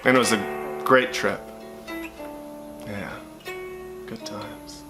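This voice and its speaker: Male comic storyteller, animated, impressions and sound effects, music playing under him. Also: fairly low pitch, takes it slowly. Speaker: stand-up comedian. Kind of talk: stand-up storytelling.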